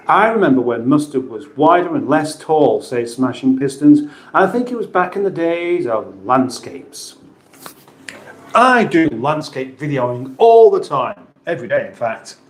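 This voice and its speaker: A British man hosting a casual livestream, chatting and joking as he reads out viewer messages. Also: medium pitch. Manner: chatty, jokey, playful voices for chat names. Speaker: livestream host reading chat. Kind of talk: casual live chat. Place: home kitchen. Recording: roomy echo.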